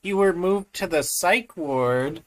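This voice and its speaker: Slow, laid-back game master. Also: mid-range voice. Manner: slow, laid-back narration with frequent laughs. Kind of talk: narrating a tabletop game.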